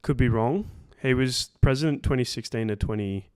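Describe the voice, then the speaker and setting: A young Australian man tells a story on a podcast in an easy, rambling way, dropping swear words and constant "like"s and "um"s. His voice sits at an ordinary middle pitch. It is recorded close and completely dry, with no room sound. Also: normal speed, darkish tone, smooth, no room sound. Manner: rambling, swears freely, heavy "like" and "um" fillers. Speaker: podcast co-host. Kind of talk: casual storytelling chat.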